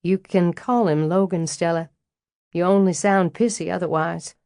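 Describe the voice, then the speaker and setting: Narrator doing frank older Southern lady, low voice, blunt and dry, audiobook. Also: fairly even intonation, normal speed, darkish tone, no room sound, lightly acted. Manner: blunt and dryly amused. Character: frank, wry, elegant older Southern woman estate owner.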